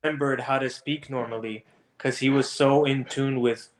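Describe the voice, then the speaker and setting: A man on a podcast panel with a mid-pitched voice. He makes offhand, wry comments in a relaxed chat. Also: moderate pace, low-quality recording. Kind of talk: casual chat.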